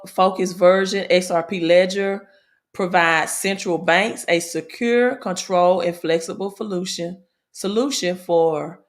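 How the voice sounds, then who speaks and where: A woman from Mississippi in the American South, with a Southern accent and a voice on the low side, hosts a casual livestream about money and crypto. She's chatty and repeats herself, often tagging sentences with "right?", and reads news aloud haltingly.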